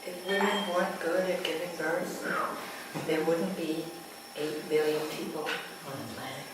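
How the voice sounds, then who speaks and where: Slow, hushed woman storyteller in echoey room. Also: low-pitched, steady tone. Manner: slow, intimate, dropping to near whispers. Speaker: midwife. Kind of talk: storytelling to a live audience. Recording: echoey room, distant mic, ambient noise.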